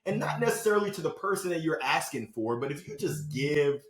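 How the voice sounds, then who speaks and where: A man who is a motivational speaker, talking as a podcast guest in an animated, storytelling way with sudden loud bursts. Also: on the high side, a little fast. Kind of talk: energetic interview talk. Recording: roomy echo.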